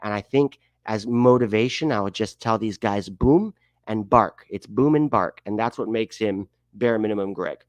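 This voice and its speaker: A man's voice: fairly low pitch, moderate pace, hardly any pauses, no echo. A man hosting a casual soccer commentary video, chatty, thinking aloud and humming while he searches. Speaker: host.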